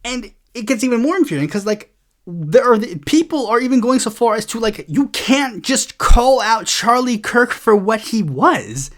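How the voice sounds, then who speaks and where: A woman's voice: a little high, big pitch swings, moderate pace. Heated, profane woman ranting on politics. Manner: heated, profane, rambling with many restarts. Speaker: host. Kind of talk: political commentary rant.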